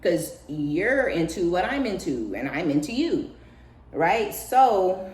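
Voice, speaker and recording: Woman, casual spiritual reading, profane, animated, mocking voices, laughing, echoey room. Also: on the low side, slow. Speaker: tarot reader.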